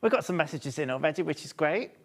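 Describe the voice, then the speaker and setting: A man's voice: fairly high pitch, lively intonation, fast. A man, hosting a live TV shopping show in a studio with upbeat, chatty sales patter. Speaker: shopping channel presenter.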